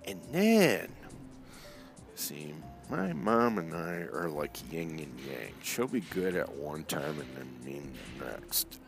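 A man with a very deep, gravelly voice tells a story slowly and unhurriedly. His delivery swings up and down with lively pitch as he acts out the people in it. Clear music plays behind him. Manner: animated, acts out quoted voices. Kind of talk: casual spoken storytelling.

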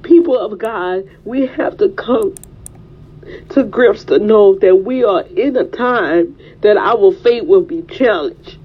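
A woman's voice: medium pitch, slow pace, husky. Woman preacher, fervent repetitive cadence, muffled lo-fi sound. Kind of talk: sermon. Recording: dull, lo-fi recording.

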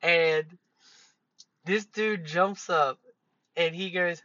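A man's voice: high voice, extremely slow, long pauses, pushed and bright, dry recording. A man hosting a podcast, telling work stories in a loose, profane, casual way with many fillers. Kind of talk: casual storytelling monologue. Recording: dull lo-fi recording.

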